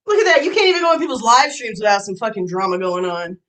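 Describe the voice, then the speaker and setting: A woman's voice: mid-range voice, sing-song, fast, few pauses, fairly bright tone, rough recording. A woman live streamer in a profane, mocking rant, reacting to clips and messages. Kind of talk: ranting commentary.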